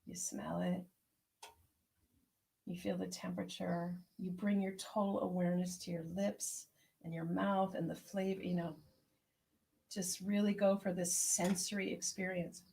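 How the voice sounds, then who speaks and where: A woman herbalist hosting an online tea circle, speaking in a gentle, unhurried, prayerful way as she reflects and reads out messages. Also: on the low side, level tone, creaky. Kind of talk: reflective spoken meditation and chat reading.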